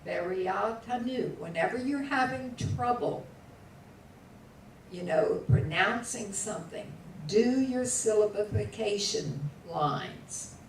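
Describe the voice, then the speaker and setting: A woman's voice: medium pitch, animated, takes it slowly. A woman teaching a class, patiently drilling words aloud and asking students to repeat them syllable by syllable. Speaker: Hebrew teacher. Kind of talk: classroom lesson. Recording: echoey room, voice from far off, faint background hum.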